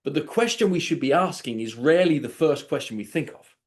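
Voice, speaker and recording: A man coaching real estate agents on an online call, lively, acting out sample conversations in quoted voices. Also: fairly high pitch, fairly quick. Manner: animated, acts out sample dialogues. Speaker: sales coach. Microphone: video call.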